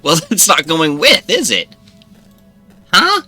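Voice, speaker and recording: A man's voice: on the high side, big pitch swings, unhurried, bright, forceful tone, breathy edge, faint music behind. A young man streaming a story game, reading the narration and joking about it with frequent laughs. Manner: jokey, laughing, reads narration aloud. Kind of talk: let's play commentary, reading game text.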